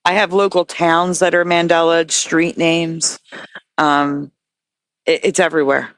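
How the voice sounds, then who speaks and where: A woman speaks as a guest in a casual interview, earnest and quick to get excited, tripping over and restarting her words as she goes. Her voice sounds close and dry, with no room around it. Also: low voice, no echo. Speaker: guest researcher.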